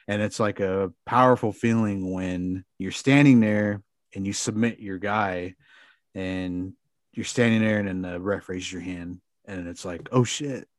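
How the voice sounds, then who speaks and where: Low-ish guy rambling thru a story on a podcast, lots of "like", cusses a bit, dry sound. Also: steady tone, unhurried, no echo. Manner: rambling, filler-heavy with frequent swearing. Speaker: podcast guest. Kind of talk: casual storytelling.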